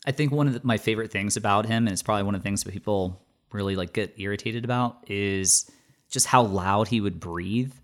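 A man's voice: fairly low pitch, brisk. A man in his thirties chatting casually, rambling with many fillers and restarts. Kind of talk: casual chat.

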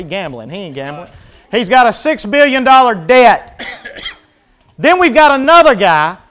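A man preaches a sermon in a high, smooth, resonant voice. He throws rhetorical questions to his listeners and swells loud and high on key points before settling low again. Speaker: pastor.

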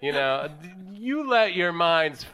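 A man's voice: a little high, very animated, slow pace, pushed and bright. A man on a comedy podcast, telling a story in a rambling, laughing way with many fillers. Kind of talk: casual comedic podcast chat.

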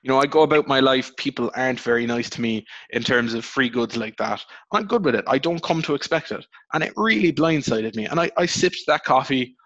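A young Irish man chatting fast on a podcast, rambling and cursing as he tells his stories, his voice leaping high when he gets worked up. The sound is dry and a bit dull, like a cheap close mic. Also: no echo. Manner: rambling, swears, animated storytelling with pitch jumps. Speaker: podcast host. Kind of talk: casual podcast chat.

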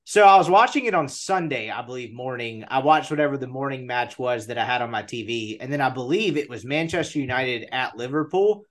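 A man's voice: mid-range voice, expressive, brisk, few pauses. A man hosting a casual sports chat, poking fun at himself as he asks questions. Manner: self-mocking and joking.

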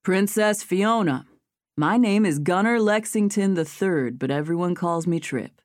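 A woman's voice: fairly low pitch, lively intonation, a little slow, darkish tone, no echo, clean studio sound. A woman voicing a flirtatious, playful cowboy playboy who speaks in a mock-princely, gallant way.

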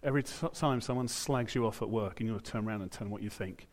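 A man's voice: fairly low pitch, quick pace. A British man preaching a sermon in church, in a conversational way, with asides and quotes he acts out. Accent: British English.

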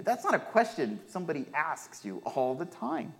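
A male pastor with a Midwestern American accent, preaching a sermon and telling a personal story with lively, acted-out quotes. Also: a little high, moderate pace, vocal fry. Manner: animated storytelling, acts out voices in quotes.

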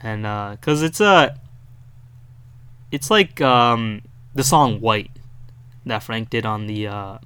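A man's voice: on the low side, expressive, slow pace, pauses often, bright, forceful tone, clear, resonant tone. A man from New York co-hosting a podcast, rambling casually with many "like"s and restarts. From Brooklyn, New York. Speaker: podcast co-host. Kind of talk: casual chat.

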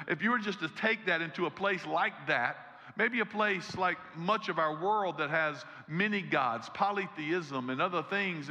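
A man preaching a sermon, reading scripture in a measured way and then building to earnest emphasis. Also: sits high, pushed and bright, in a large hall. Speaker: pastor. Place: church sanctuary.

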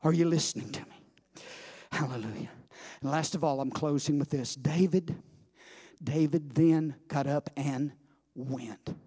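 A man preaching a sermon, moving from hushed storytelling to loud, shouting climaxes and repeating phrases for emphasis. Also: fairly high pitch, steady tone, a little slow.

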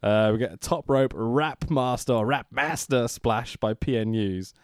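A man's voice: medium pitch, measured pace, smooth, no room sound, studio quality. A man hosting a podcast, chatting and laughing with friends, swearing freely. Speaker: podcast host. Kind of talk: casual chat about wrestling.

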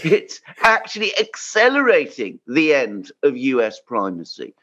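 A man on a discussion panel who asks pointed questions and talks with quick restarts. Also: mid-range voice, huge pitch swings, pushed and bright, lo-fi sound.

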